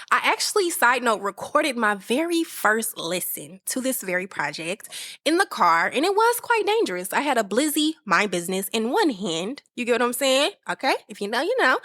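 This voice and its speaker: Woman podcast host, casual music talk, lively and playful, higher voice. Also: no room sound, studio quality. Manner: chatty and animated, acting out friends' reactions.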